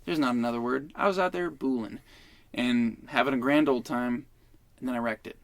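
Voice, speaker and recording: A man's voice: mid-range voice, moderate pace, dry recording. A man in his twenties, a podcast guest, telling a rambling, profane story in casual chat.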